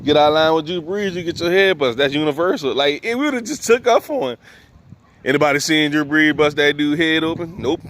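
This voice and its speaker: With a slightly high, slightly bright voice, he talks a little fast while telling loose comic stories on stage. He's a New Orleans, USA, comedian with the local accent, laughing between lines, and a little hiss or hum is audible.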